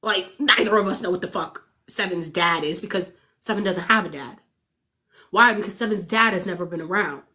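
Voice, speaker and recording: A woman's voice: mid-range voice, fairly bright tone. A woman venting on her livestream in blunt, heavily profane casual talk. She is emphatic and keeps asking her viewers whether they follow her. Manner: emphatic, asks the audience for agreement. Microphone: streaming setup.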